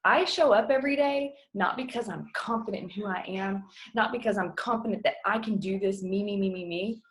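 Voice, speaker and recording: A woman's voice: mid-range voice, fairly quick. Earnest woman coaching her team. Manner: earnest, emotional, choking up at times; casual, with fillers like "like" and "y'all". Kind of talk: motivational talk on a video call. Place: home. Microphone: video call.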